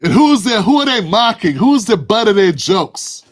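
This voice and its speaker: Fiery high-voiced male commentator. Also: very animated, normal speed. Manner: fiery, preaching, stacks rhetorical questions; addresses a co-host by name. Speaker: political commentary host. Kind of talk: impassioned political commentary.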